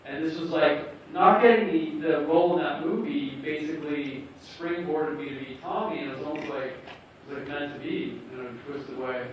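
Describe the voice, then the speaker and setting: A man in his thirties telling a story live on a cinema stage, animated and acting out the other man's lines. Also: on the high side, moderate pace, background noise. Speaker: guest storyteller. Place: cinema stage before an audience. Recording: echoey hall from far off, dull. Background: audience laughter and room ambience.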